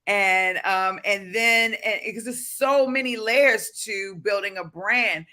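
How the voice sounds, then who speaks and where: A man with a Baltimore accent hosting a motivational livestream, his voice pitched high and bright with a forceful edge. He preaches with fervor, reads viewer comments aloud, and breaks into shouts. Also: slow. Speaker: livestream host.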